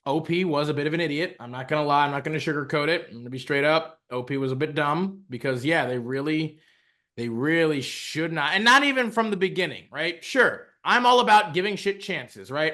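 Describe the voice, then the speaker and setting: A man's voice: a little high, lively intonation, fairly quick, pushed and bright. A man co-hosting a podcast, ranting casually and profanely, with lots of restarts, as he reacts to a story. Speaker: podcast co-host.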